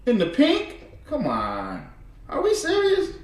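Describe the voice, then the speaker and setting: A man's voice: sits high, wildly swooping pitch, normal speed, echoey room. A man giving heated, casual commentary. He repeats himself and talks straight to his listeners.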